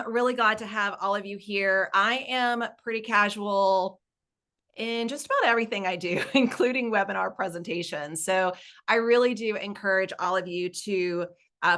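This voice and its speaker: Southern woman in her forties, webinar presenter, chatty and upbeat, bright crisp voice. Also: medium pitch. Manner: upbeat, chatty, laughs easily. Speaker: nonprofit consultant presenting a webinar.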